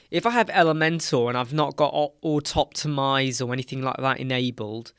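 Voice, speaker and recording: A man's voice: medium pitch, a bit bright, clear, resonant tone, dry recording, clean studio sound. A tired British man hosting a live Q&A stream, explaining things casually with rambling self-corrections. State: tired, yawning. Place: dark home studio with soundproof panels.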